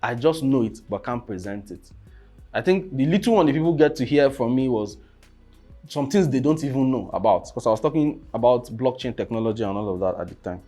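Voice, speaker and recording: A young man with a mid-range voice speaks briskly and expressively as he casually teaches presentation skills. "You understand?" comes up again and again, along with sudden loud bursts, over faint music.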